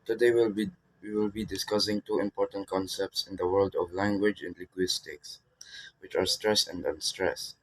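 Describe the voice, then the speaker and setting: A man's voice: low-pitched, fairly even intonation, moderate pace, rough recording. A man reading out a language lesson from a script, with small slips and restarts. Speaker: teacher. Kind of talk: read-aloud lesson.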